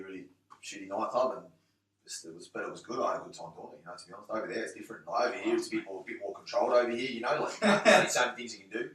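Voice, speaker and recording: A man's voice: fairly low pitch, sharp tone. A man in casual podcast chat, rambling through stories with lots of "mate" and "you know". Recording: roomy, distant mic.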